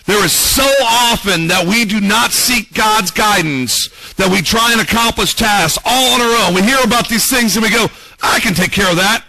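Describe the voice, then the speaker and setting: A man's voice: sits high, normal speed, pushed and bright, dry recording, low-quality recording. A man preaching a sermon as pastor, dramatically acting out quoted prayers and voices. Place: church.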